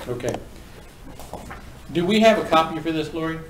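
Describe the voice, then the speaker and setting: Man, folksy instructor, slightly high voice, echoey classroom from a distance. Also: lively intonation, a crowd in the background. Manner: folksy, brisk, joking with the class. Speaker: auctioneering instructor. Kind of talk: classroom lecture. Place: classroom with students.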